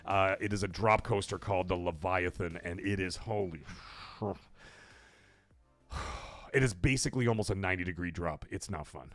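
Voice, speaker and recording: A middle-aged man from Canada hosting a live gaming stream, telling stories in a rambling way, cursing freely and getting loud when he is excited. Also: deep voice, normal speed, pauses often, no room sound, clean studio sound. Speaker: livestream host. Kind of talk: casual live-stream chat.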